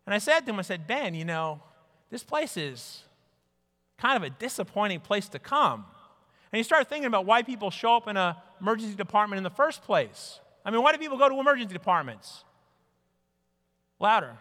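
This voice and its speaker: A man giving an animated conference talk, telling stories and putting on mock voices for people he quotes. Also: high-pitched, normal speed. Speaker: speaker. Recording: reverberant hall.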